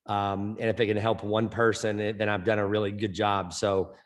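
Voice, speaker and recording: Low, flat-voiced man who stutters. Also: moderate pace. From Orange County, California. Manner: stutters, with many repeated words and fillers. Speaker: head softball coach, guest. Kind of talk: podcast interview.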